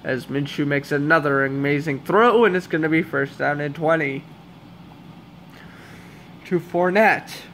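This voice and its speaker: Hoarse, exasperated sports fan commentator. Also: male voice, on the high side, a little slow, long pauses, a bit bright, a little hiss or hum. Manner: exasperated, sarcastic fan rants. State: hoarse, voice giving out. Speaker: amateur play-by-play commentator. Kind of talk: fan commentary over game footage.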